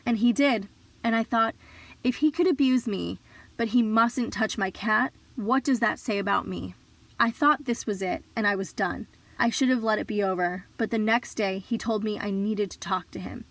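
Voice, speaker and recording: A woman reading a survivor's memoir aloud in an earnest, measured storytelling voice. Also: mid-range voice, a bit bright, dry recording. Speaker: reader of survivor stories.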